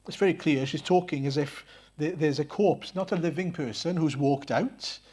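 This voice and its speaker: A man preaches in a church, his voice sitting a little higher than most men's. He speaks earnestly, poses rhetorical questions, and often stumbles over fillers and repeated words as he works through his points. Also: moderate pace, darkish tone, slightly rough. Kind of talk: sermon.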